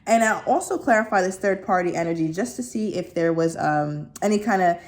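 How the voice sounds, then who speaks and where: A woman reading tarot cards for viewers in a chatty, animated way, with playful acted-out asides. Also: on the low side, fairly quick. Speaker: tarot reader.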